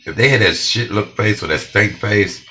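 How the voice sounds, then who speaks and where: A man's voice: on the low side, moderate pace, bright, forceful tone, a little hiss or hum. A man hosting a home cooking show, chatting bluntly and straight to viewers as he tastes his food. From Detroit, USA. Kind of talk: casual cooking vlog with tasting.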